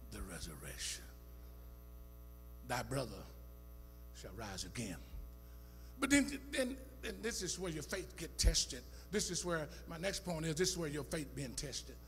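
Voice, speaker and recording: Man, pastor preaching in a church, high bright tone, reverberant hall with faint organ music behind. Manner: preaching with rising calls and shouts, dropping low for scripture. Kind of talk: sermon. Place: church sanctuary.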